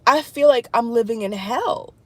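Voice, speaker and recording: A woman talking to her viewers in an emotional spiritual vlog, distraught and tearful, halting and repeating herself. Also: a little high, dry recording. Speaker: vlogger.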